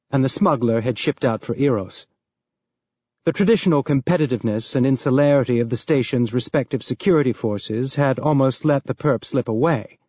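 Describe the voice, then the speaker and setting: A man reading an audiobook as narrator, in an even, measured storytelling manner. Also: medium pitch, dry recording. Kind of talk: scripted narration. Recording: dull lo-fi dry recording.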